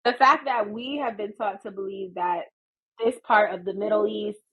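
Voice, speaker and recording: An American woman in her thirties, a podcast guest telling stories in an animated, laughing way. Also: medium pitch, normal speed, husky, rough recording. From United States. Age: 30s. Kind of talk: casual storytelling chat.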